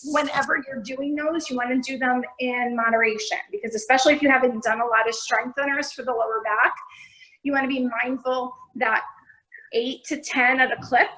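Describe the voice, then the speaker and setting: A woman's voice: high-pitched, fairly even intonation, brisk, pushed and bright, low-quality recording. A woman fitness coach answering questions in an upbeat, encouraging way on a video call. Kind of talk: virtual class Q&A.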